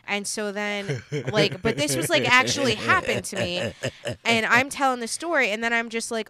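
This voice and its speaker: A woman's voice: fairly high pitch, animated, normal speed, bright, forceful tone, no echo. A woman comic telling a story in casual podcast chat, rambling with many fillers and acting out quoted voices. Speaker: stand-up comic and podcast guest.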